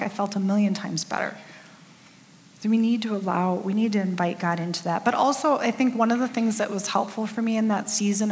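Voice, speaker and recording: Chatty middle-aged woman preaching in a hall. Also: medium pitch. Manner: candid, chatty, self-deprecating with frequent fillers. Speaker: church speaker. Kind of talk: conversational sermon. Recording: long reverb of a large hall.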